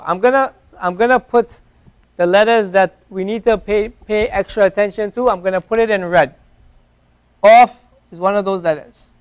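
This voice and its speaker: A man's high voice, clear and resonant, carries through an Arabic lesson in an Islamic center classroom. He patiently goes over each letter sound repeatedly to demonstrate how it should be pronounced.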